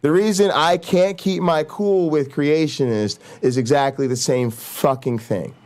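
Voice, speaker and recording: Vlogger guy, swears a ton, fast ranty talk, kinda high voice. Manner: animated, profane, says "right?" a lot. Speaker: YouTube host. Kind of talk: casual profane rant.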